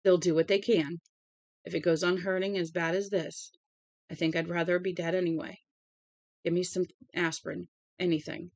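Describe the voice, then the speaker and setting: A woman's voice: on the low side, flat delivery, normal speed, a little mellow, dry recording, natural voice. A woman reading aloud voicing a sick young man who talks in a dull, tired way. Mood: weary.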